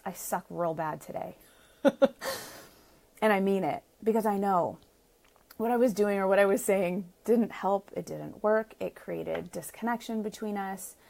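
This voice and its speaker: A woman's voice: mid-range voice, vocal fry, darkish tone. A woman relationship coach answering viewer comments in a live Q&A, chatty and earnest, laughing often and acting out little quoted asides.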